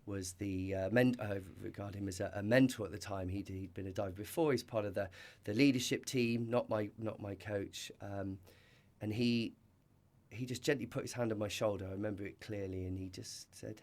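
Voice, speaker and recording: Earnest, reflective man with a lowish voice. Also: fairly even intonation, brisk, a little mellow. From Britain. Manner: earnest and reflective, with many restarts and "you know". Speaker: podcast guest. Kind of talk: storytelling in a conversational interview.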